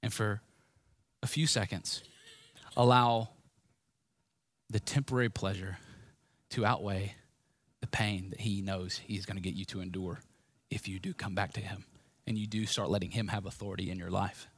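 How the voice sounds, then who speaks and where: A man preaching a sermon in a conversational, lively way, talking straight to his listeners with asides and prompts. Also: fairly low pitch, normal speed, pauses often.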